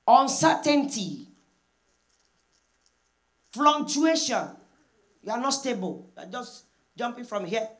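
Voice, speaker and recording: A woman's voice: a little high, big pitch swings, slow pace, long pauses. A woman preaching a sermon, repeating points emphatically and acting out quoted prayers. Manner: emphatic repetition with call-and-response; acts out prayers in quoted voices.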